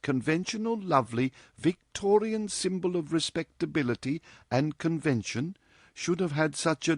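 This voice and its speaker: A cheeky, outspoken young woman in a read-aloud storybook chatters with mock drama, as a male narrator puts her on. Her voice sits high and swings freely. The sound is dry. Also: no room sound.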